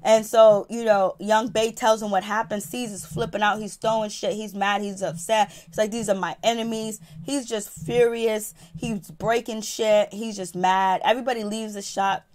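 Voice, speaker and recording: A woman reviewing a reality TV episode in a profane, animated, casual storytelling style. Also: medium pitch, normal speed, hardly any pauses. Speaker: TV show reviewer.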